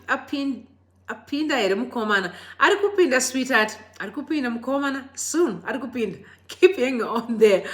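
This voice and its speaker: Upbeat woman hosting a live stream. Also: a little high. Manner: lively, greets viewers by name, encouraging and prayerful. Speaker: livestream host. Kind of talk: live stream chat with viewers.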